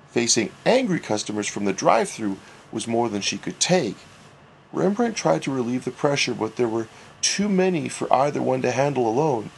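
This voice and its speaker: A man reading a humorous story aloud, wry and expressive. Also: mid-range voice, vocal fry, a little hiss or hum. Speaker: narrator. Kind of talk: storybook narration.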